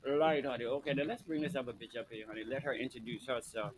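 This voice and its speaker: A man's voice: medium pitch, quick pace, slight background noise. A man hosting a live online talk show, camp and profane, teasing his guests sassily into a home webcam. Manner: camp, profane, teasing, heavy on "bitch" and "honey". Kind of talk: brash, sassy live chat.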